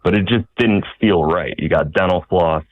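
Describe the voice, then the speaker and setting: Deep-voiced caller on a muffled line. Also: male voice, normal speed. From Southern United States. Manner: earnest, hesitant, polite. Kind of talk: phone-in question.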